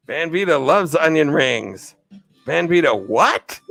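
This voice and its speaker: A man's voice: fairly high pitch, lively intonation, slow, gravelly, long pauses, a bit bright, no room sound, faint music behind, poor audio. A man hosting a live stream, answering chat questions in a chatty way, laughing often and losing his train of thought. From United States. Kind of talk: casual chat.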